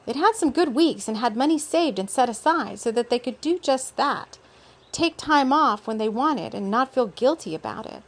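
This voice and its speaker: A woman reads a story aloud in a fairly high voice. She keeps it relaxed and unpolished, breaking off for little asides. The feel is a casual spoken storytelling session. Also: normal speed. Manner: relaxed, with off-script asides and laughs.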